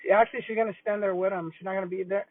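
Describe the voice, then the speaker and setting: A woman's voice: mid-range voice, steady tone, very fast. An older woman, a retired school principal chatting casually and rambling on a livestream while eating lunch. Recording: tinny phone-like dry audio.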